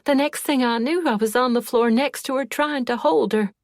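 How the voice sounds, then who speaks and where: A woman's voice: high voice, moderate pace, no echo, studio quality, pitched above the performer's own voice. A woman voicing a shaken, defensive woman who stammers and rises into screaming, on a storybook reading. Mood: distraught. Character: distraught middle-aged woman, shaken and defensive.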